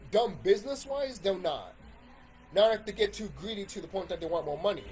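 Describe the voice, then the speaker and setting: A man's voice: high-pitched, very animated, normal speed. A man in a casual ranting monologue about video games, swearing and rambling with restarts. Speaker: YouTube commentator.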